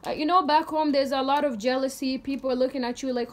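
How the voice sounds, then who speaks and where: A young woman vlogger casually telling a story, animated and slangy, with lots of "like" fillers. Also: sits high, fast talker.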